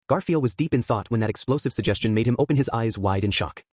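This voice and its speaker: A man narrating an audiobook with a steady storytelling read. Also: mid-range voice, quick pace, hardly any pauses, no room sound. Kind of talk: scripted narration.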